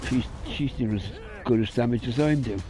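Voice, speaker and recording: A man's voice: medium pitch, moderate pace, over music. A man with an Irish accent giving casual, joking commentary while playing a video game. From Ireland. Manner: joking, chatty, blunt. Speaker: gaming video host.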